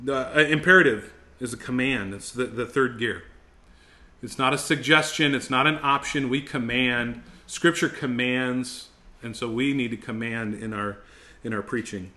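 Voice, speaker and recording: A man's voice: medium pitch, a little slow, pushed and bright. A middle-aged man teaching a ministry school class on preaching, emphatic and intense, often repeating words as he restarts sentences. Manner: intense, emphatic, rising to fervent exhortation; frequent word repetitions and restarts.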